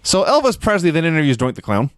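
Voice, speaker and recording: A man's voice: fairly high pitch, wildly swooping pitch, fast, no room sound. A man co-hosting a podcast, recapping matches in a dry, wry storytelling way and laughing now and then. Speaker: podcast co-host. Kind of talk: casual chat recapping shows.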